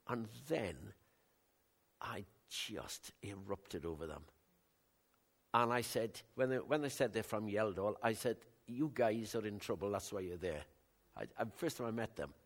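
An older man from West Wales with a West Welsh accent, a Christian minister telling rambling, animated stories of his week in a casual talk. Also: on the low side. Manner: rambling, animated storytelling with many restarts.

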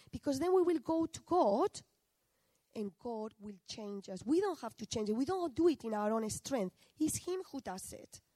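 Woman, middle-aged, preacher, conversational sermon, asks questions, fairly high voice, dry close sound. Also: warm tone, dry recording, poor audio.

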